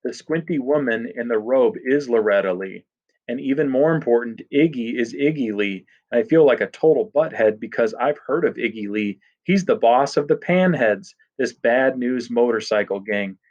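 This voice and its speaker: A man's voice: mid-range voice, normal speed, a little mellow. A man narrating a story in a casual first-person voice. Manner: casual teenage-boy first-person telling. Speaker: audiobook narrator. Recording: dull lo-fi recording.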